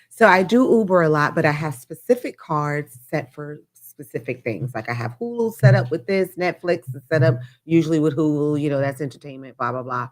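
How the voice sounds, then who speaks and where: A woman hosting a talk show, telling a story in a casual, chatty monologue with animated asides and swearing. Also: sits low.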